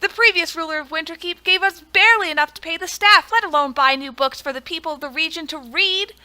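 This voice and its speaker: A woman's voice: extremely high pitch, fast talker, bright, forceful tone, voice pushed up, heavily acted. A woman voicing a polite, earnest librarian in a game, speaking formally and pleading.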